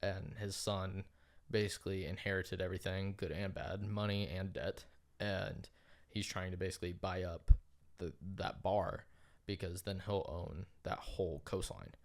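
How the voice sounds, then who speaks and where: A man's voice: low-pitched, fairly even intonation, normal speed, vocal fry. A man co-hosting a podcast in casual chat, telling a long story full of "like" fillers and casual swearing. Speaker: podcast co-host.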